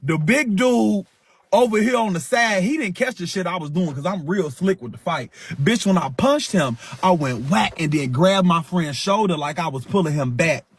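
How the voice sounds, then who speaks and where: A man's voice: high voice, normal speed. A man hosting a livestream, telling a fight story in casual, profane slang and acting it out with sound effects. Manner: animated, sound-effect-heavy retelling. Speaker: livestream host.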